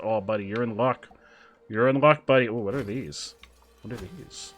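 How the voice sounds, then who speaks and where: A man streaming a game, chatting casually with viewers, excitable and quick with asides. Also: fairly low pitch, soft background music. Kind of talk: casual gameplay chat with viewers.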